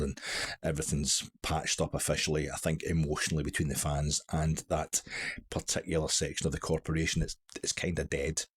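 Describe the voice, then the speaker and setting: A man's voice: extremely low pitch, husky. A middle-aged man with a Glaswegian accent, telling a rambling, self-mocking story in a casual monologue. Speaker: vlogger.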